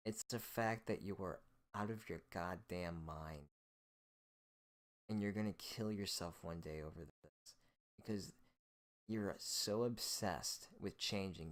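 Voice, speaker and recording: Deep-voiced man in a profane, hostile rant. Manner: hostile, profane, scornful ranting. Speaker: host. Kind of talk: solo rant monologue.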